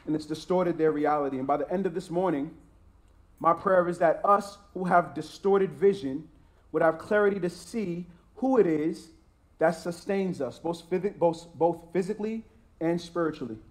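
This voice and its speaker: A man's voice: fairly high pitch, normal speed. A man preaching a sermon as a pastor, emphatic and repetitive, with frequent restarts.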